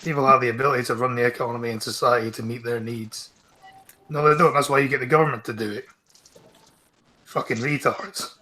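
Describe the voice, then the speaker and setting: A man's voice: medium pitch, steady tone, brisk, long pauses, bright, forceful tone, rough recording. A Scottish man hosting a casual stream, reading news out and mocking it with blunt, sarcastic swearing.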